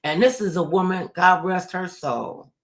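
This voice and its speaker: An older woman telling a personal story in a casual interview, animated and expressive. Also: a little slow. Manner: animated, acts out quoted voices with big pitch jumps.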